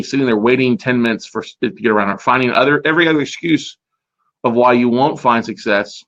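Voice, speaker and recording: Male podcast host, energetic storyteller, mid-pitched, slightly muffled recording. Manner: energetic, animated storyteller acting out quotes. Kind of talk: casual storytelling. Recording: slightly dull lo-fi audio.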